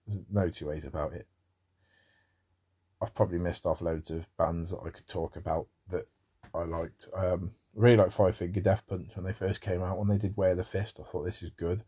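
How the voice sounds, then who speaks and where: A man's voice: sits low, little pitch movement, moderate pace, mellow, breathy edge. A man talking in a rambling casual monologue about music, with wry asides.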